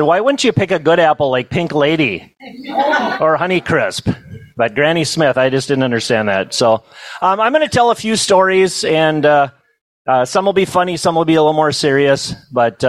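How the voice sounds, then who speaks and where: A middle-aged man telling funny stories at a banquet, in a folksy, self-amused way with quick asides to the crowd. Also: a little high, expressive, no room sound, rough recording. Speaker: banquet storyteller and comedian. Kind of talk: humorous storytelling to a live audience.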